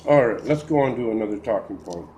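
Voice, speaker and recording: A man rants to camera with mounting exasperation, stumbling over restarts and letting out sighs. His voice is mellow and dark in tone, yet it swings widely in pitch as he works himself up. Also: lively intonation, fast talker, a little hiss or hum, rough recording. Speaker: video blogger. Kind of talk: opinion rant to camera.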